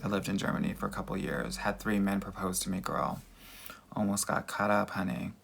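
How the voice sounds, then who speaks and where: A man's voice: sits low, monotone, fairly quick, creaky, fairly bright tone, slight background noise. A man working as a dating coach, answering viewer comments in a chatty livestream Q&A with a Valley Girl voice and mannerisms, calling everyone girl and honey.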